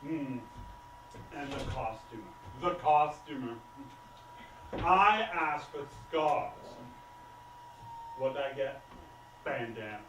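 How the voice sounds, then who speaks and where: An actor playing a dramatic, self-pitying small-town theatre director, in an amateur stage play. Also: male voice, mid-range voice, lively intonation, takes it slowly, pauses often, bright, forceful tone. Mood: fussy complaining. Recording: echoey stage, heard from far off, noisy.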